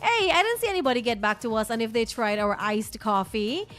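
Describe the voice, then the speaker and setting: A woman's voice: on the high side, expressive, a little fast, a bit bright. A chatty, bubbly woman co-hosting a casual morning radio show, laughing often. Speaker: radio co-host.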